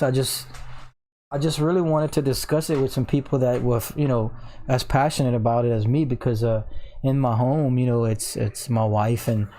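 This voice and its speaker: A man's voice: mid-range voice, mellow. Tired, rambling man streaming. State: tired from lack of sleep. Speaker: crypto livestream host. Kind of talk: casual live-stream chat.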